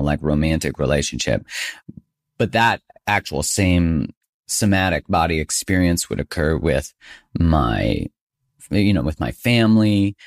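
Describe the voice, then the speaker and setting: A man hosting his own podcast, talking in a chatty, self-joking way and laughing often. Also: sits low. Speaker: podcast host. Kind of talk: casual podcast monologue.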